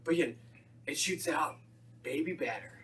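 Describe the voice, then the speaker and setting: A man's voice: on the high side, unhurried, a crowd in the background. A man hosting a casual podcast, trading crude, jokey banter with friends. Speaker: podcast host. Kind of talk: casual chat.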